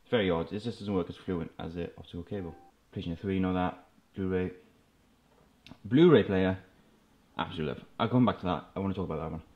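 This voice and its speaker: A man's voice: low-pitched, steady tone, racing, darkish tone, highs cut off. A man casually showing off his gaming setup in his room at home, talking in a laid-back, rambling way. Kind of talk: casual show-and-tell.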